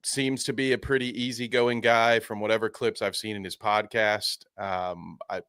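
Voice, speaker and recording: A man's voice: fairly low pitch, steady tone, moderate pace, fairly bright tone, clear, resonant tone, no room sound, studio quality. A man co-hosting a live podcast, commenting on clips in a rambling, stop-start way and often correcting himself. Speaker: podcast co-host. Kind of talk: casual live-stream chat.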